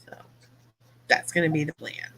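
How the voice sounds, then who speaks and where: Lady rambling on her live stream, blunt and chatty, bright voice. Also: moderate pace. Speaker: livestream host and phone store manager. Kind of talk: casual live-stream chat.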